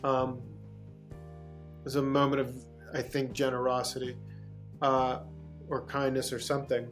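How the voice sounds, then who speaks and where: A man's voice: mid-range voice, monotone, a little slow, soft background music. A man from Pittsburgh, a guest actor, tells a long anecdote in an interview, rambling with restarts and bursts of laughter. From Pittsburgh, USA.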